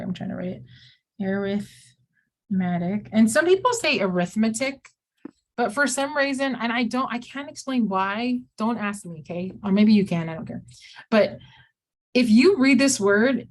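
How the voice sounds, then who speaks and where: A woman's voice: a little high, lively intonation, moderate pace. A woman teaching an online math class, chatty, often acting out her students' questions in a livelier voice.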